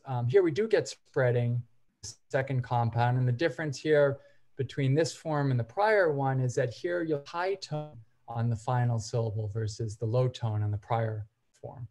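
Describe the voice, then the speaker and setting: A man gives an academic seminar lecture in a mid-range voice. He explains methodically, point by point, and sometimes pauses on brief hesitation fillers. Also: medium pitch, darkish tone. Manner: methodical, explains step by step while walking through examples. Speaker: seminar presenter.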